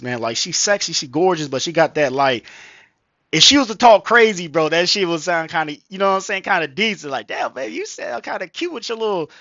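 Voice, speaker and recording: A man vlogs casually into a gaming headset mic, reacting to a video and rambling with slang, profanity and plenty of fillers. His voice sits on the high side, pushed and bright. The recording is muffled but has no echo.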